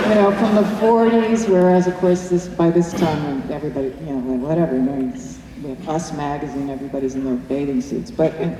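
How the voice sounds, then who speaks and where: An older actress answering audience questions in a chatty, anecdotal way, laughing often at a screening Q&A in a cinema. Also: female voice, deep voice. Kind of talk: post-screening Q&A. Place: cinema auditorium. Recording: echoey hall from far off, faint room noise.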